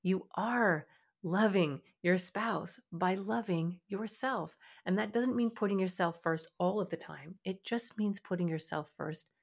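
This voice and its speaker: A woman's voice: mid-range voice, unhurried, creaky. A woman hosting a parenting podcast, speaking earnestly and often acting out what a parent might say to a child. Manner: earnest, acts out parent dialogue. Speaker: podcast host and parenting coach. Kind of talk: motivational podcast talk.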